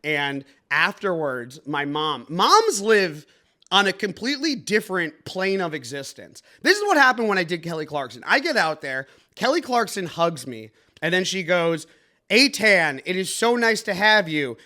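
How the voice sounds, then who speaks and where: A young adult man hosting a comedic news podcast, riffing sarcastically with an energetic, mock-announcer delivery. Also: high voice, moderate pace. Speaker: comedy news show host.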